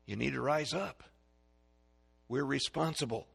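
A man preaching a sermon, reading scripture in old-fashioned wording and calling out verses, swinging between loud stresses and quiet asides, recorded in a church sanctuary. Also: on the high side, animated, normal speed. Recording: long reverb of a large hall.

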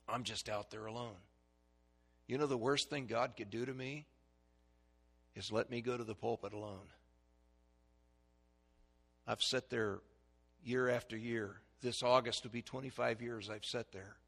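A middle-aged man, a pastor, preaching a sermon with dynamic swings from hushed to loud and emphatic. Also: mid-range voice, creaky, breathy edge. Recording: long reverb of a large hall.

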